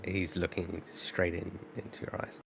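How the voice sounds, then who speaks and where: A man running a tabletop game as game master, narrating with many halting fillers. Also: deep voice, monotone, creaky, fairly bright tone, slight background noise.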